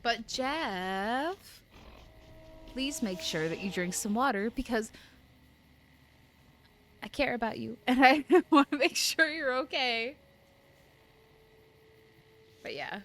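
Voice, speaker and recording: Young woman streamer, bright, lively pitch, unhurried chat to viewers, faint room noise. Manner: chatty, reads chat aloud, bursts of laughter. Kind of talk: live game stream chat.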